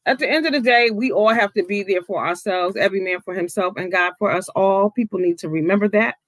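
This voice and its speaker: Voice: mid-range voice, a little fast, a bit bright, no room sound. A vlogger giving outspoken, casual commentary, swearing freely, with the voice jumping up when riled.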